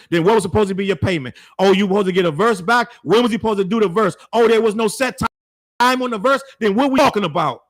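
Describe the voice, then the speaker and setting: A man's voice: sits high, fairly bright tone. A man hosting a commentary show, giving blunt, heated opinions in slangy speech and repeating his points for emphasis. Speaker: show host.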